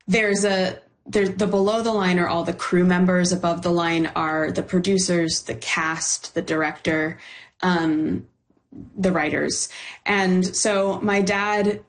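A young woman screenwriter from Los Angeles talks through her story in a relaxed interview, animated and laughing easily. Her voice sits a touch low for a woman, and her speech is chatty and loose. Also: slow pace. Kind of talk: casual interview conversation.

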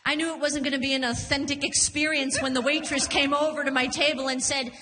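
A woman in her thirties doing stand-up, with a high, bright voice. She is animated and punchy and laughs through her lines, and a long hall reverb trails behind her. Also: fairly quick, a little hiss or hum. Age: 30s. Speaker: stand-up comedian. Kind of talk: stand-up comedy set.

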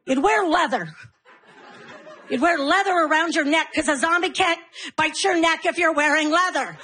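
A middle-aged woman performing a stand-up comedy routine, acting out her kids and herself in sudden high voices. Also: lively intonation, normal speed, bright, forceful tone.

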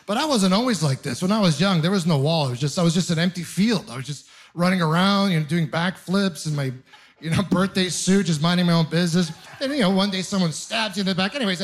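Wry, self-mocking male stand-up comic. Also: fairly high pitch. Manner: wry, self-mocking storytelling with rapid rhetorical questions. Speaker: stand-up comedian. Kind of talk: stand-up comedy set.

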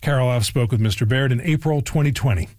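Male presenter, steady scripted intro, dry sound. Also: medium pitch, fast, no echo.

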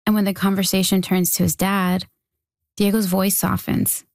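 A woman reporter reading a news feature as scripted narration, in a measured, even delivery. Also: mid-range voice, dry recording.

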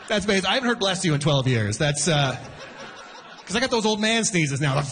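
Animated high-voiced stand-up comedian man. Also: brisk, background noise. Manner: animated, shouting character voices for punchlines.

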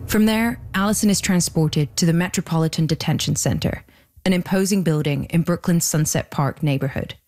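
A woman hosting a documentary podcast, reading scripted narration in a measured way. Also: lowish voice. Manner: measured, even storytelling delivery.

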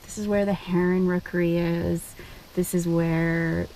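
A woman's voice: lowish voice, little pitch movement, unhurried, warm tone. A woman rancher giving a casual tour outdoors, pointing things out as she goes. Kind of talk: casual chat on a guided tour. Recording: noisy outdoor field recording, vehicle running.

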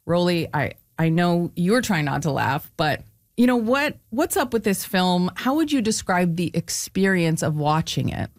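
A woman's voice: fairly low pitch, very animated, measured pace, dry recording. A woman hosting a casual panel discussion, introducing topics and passing questions to her guests in an upbeat way. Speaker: host.

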